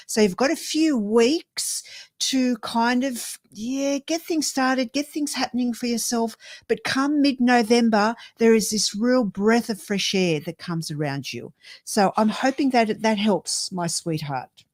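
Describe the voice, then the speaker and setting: A woman's voice: a little high, measured pace, no echo, studio quality. An Australian woman giving a live tarot reading, chatty and rambling with lots of ums, calling viewers darling and sweetheart. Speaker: tarot reader, co-host.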